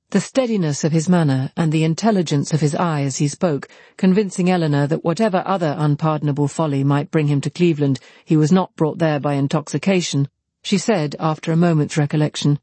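A man narrating a classic novel in an even, measured reading. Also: on the high side, no echo. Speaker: audiobook narrator.

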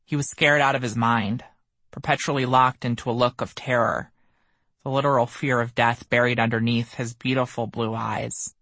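A man reading his own memoir aloud as an audiobook, measured and somber. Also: medium pitch, fairly even intonation, a bit bright, no room sound. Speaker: memoir narrator. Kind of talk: audiobook narration.

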